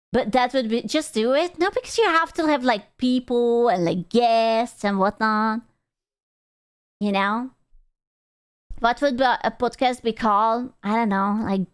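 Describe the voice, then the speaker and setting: Slow-talking young woman streamer, swears a lot. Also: on the high side, smooth, no room sound, clean studio sound. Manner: rambling, swears freely, playful teasing. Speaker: streamer reading chat. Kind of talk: casual stream chat.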